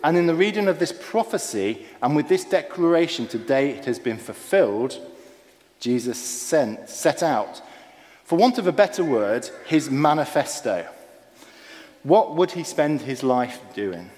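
A man preaching a sermon, earnest and emphatic, dropping low and soft on key phrases. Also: sing-song, unhurried, long reverb tail.

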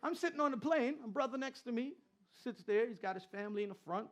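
Animated high-voiced male preacher. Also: fast. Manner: animated preaching with repetition and crowd banter. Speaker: pastor and Christian rapper. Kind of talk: sermon.

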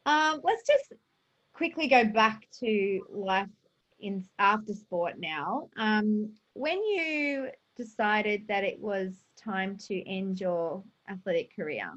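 A woman hosts a casual podcast interview. She asks her questions in a supportive, halting way, filling pauses with little words as she goes. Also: medium pitch, lively intonation, a bit bright, muffled recording. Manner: supportive, hesitant questions with fillers. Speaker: podcast host.

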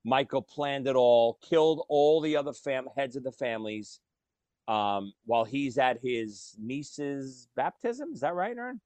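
A man co-hosting a podcast, talking about movies in a casual, animated storytelling way. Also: medium pitch, unhurried, no echo. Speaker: podcast co-host.

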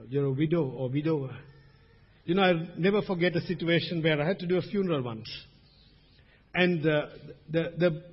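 A man preaching a sermon as pastor, swinging between loud emphasis and hushed asides. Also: on the high side, slightly rough. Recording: dull recording with long hall reverb.

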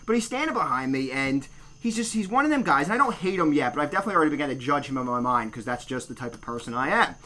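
A man's voice: a little high, lively intonation, rapid-fire, sharp tone, slight background noise. A man hosting a casual podcast, telling a crude, ranting story about a rude customer. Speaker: podcast host.

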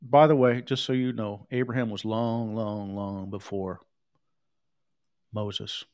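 A man's voice: on the low side, fairly even intonation, slow, a little mellow, smooth. A man preaching a sermon in an emphatic, conversational way, often repeating his words.

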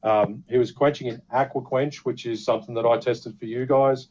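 Bluntly and with plenty of swearing, a man talks knife making as a podcast co-host in casual chat. His mid-range voice is steady, a little mellow, at a moderate pace, in dull lo-fi audio.

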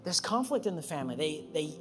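A male pastor preaching a sermon, emphatic, rising to loud high peaks and then settling into calm, personal storytelling. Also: fast talker. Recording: reverberant church hall with music.

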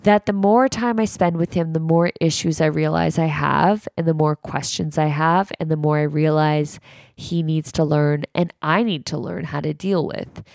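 Woman podcast co-host; frank, rambling, slightly gravelly, close and dry. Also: fairly even intonation, moderate pace, a little mellow, no room sound. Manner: rambling and frank, swoops up high when quoting people. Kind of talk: candid podcast monologue.

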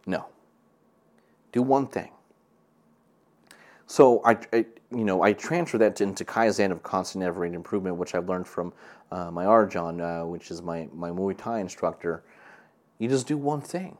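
A man's voice: on the low side, lively intonation, moderate pace, darkish tone. A young man hosting a solo podcast, talking in a rambling, earnest way with many fillers and repeated words. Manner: earnest and encouraging. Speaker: podcast host. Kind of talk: casual solo podcast monologue. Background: air conditioner hum.

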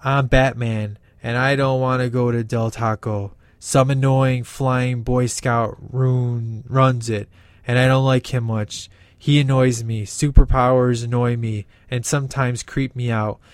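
A man voicing a brooding male caped vigilante in a comedy skit, growling and breathing heavily with awkward pauses. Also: medium pitch, flat delivery, smooth, no room sound, close to an everyday voice. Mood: grumpy stubborn. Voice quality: growling, heavy breathing, shouty. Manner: grumpy and stubborn with awkward pauses.

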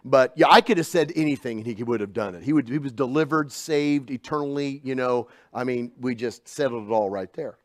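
A middle-aged man preaching a sermon in a conversational storytelling way, dropping to hushed asides and rising to loud, emphatic bursts. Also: medium pitch, a little fast, few pauses, no room sound.

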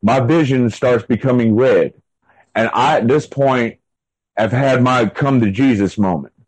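A man's voice: mid-range voice, unhurried, a little mellow, slightly rough, low-quality recording. A man being interviewed, telling a long story in a casual, rambling way full of fillers and restarts. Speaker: interview guest.

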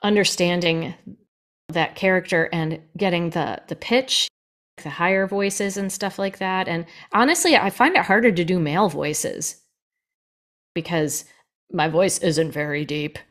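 A woman talks quickly and with energy, like a working audiobook narrator explaining her craft. Her voice sits a touch low for a woman. The conversation is relaxed and chatty. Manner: fast, lively and animated. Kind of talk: casual podcast conversation.

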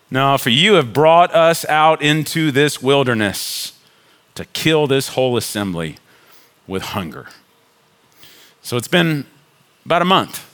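A middle-aged pastor preaches a sermon with animation, raising his voice to act out complaining crowds. His voice is a little high.

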